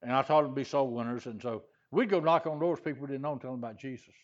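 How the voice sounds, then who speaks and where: A man's voice: mid-range voice, very fast, dull audio. An older man from Louisiana preaching a sermon, telling a personal story in a folksy, rambling way full of "he said" and "uh". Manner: folksy, repetitive "he said" storytelling with frequent "uh" fillers. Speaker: pastor.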